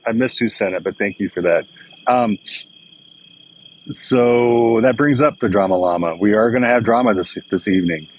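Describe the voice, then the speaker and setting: A man's voice: on the low side, husky, low-quality recording. An older man hosting a casual live stream, greeting viewers by name in a chatty, emotional way. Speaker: livestream host. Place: indoors at home, crickets outside. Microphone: phone or webcam for a live stream. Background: crickets and insects chirping.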